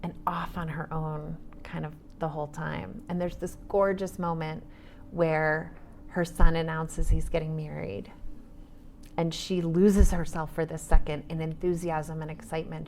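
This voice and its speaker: A woman's voice: low-pitched, little pitch movement, measured pace, a little mellow, slight background noise. A woman in her forties, an author and trauma therapist, talking animatedly on a panel and dropping to whispers for asides. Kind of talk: casual panel conversation.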